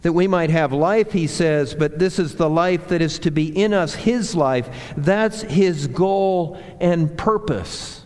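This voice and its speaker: A man preaching a sermon as a pastor, slow and deliberate, building emphasis through repeated phrases. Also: on the high side, darkish tone. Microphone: handheld or clip mic that slipped. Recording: long hall reverb.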